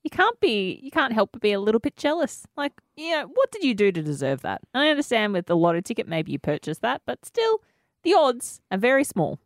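A young woman co-hosting a casual chat, with a lively, swooping voice. She answers with playful, quick interjections. The recording is dry and close. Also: on the high side, no echo. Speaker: podcast co-host.

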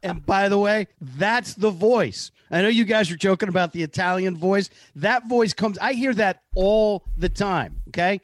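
A man's voice: sits high, moderate pace, hardly any pauses, dry recording. A man co-hosting a podcast, playful and teasing in casual chat. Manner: playful, laughs while teasing. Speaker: podcast co-host.

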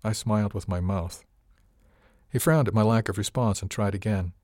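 Calm, low-voiced male narrator. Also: no echo, clean studio sound. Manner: calm, measured, dryly understated. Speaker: audiobook narrator. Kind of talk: first-person scripted narration.

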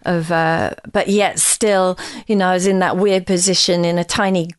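A woman, a musician guest in a casual interview, telling her story in a rambling, halting way with many restarts. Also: on the low side, little pitch movement, smooth, dry recording.

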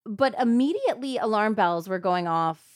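A woman hosting a true crime podcast, retelling a case in a casual, animated way with lots of "like" fillers. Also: medium pitch, normal speed, no echo, clean studio sound. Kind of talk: casual storytelling chat.

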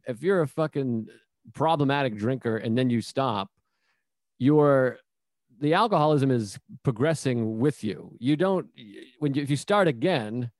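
A man's voice: mid-range voice, measured pace, no room sound. A man speaks frankly and animatedly, swearing freely as he chats. His voice sits in a middle register, and the sound is dry and close with no room to it. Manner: candid, profane, animated. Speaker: comedian. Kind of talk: casual chat.

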